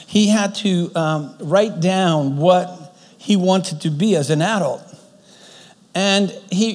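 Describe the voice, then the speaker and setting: Male pastor, high-pitched, earnest storytelling sermon in a big reverberant sanctuary. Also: darkish tone. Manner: earnest retelling with frequent restarts.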